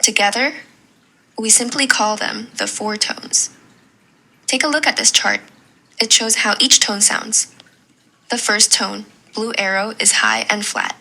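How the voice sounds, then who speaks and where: A woman teaching a Mandarin lesson in a slow, clear and encouraging way. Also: mid-range voice, fairly even intonation, bright, forceful tone, low-quality recording. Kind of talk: scripted lesson narration.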